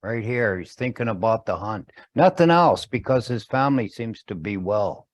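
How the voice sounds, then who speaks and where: A man telling a traditional story slowly, pausing often and explaining as he goes. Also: on the low side, expressive.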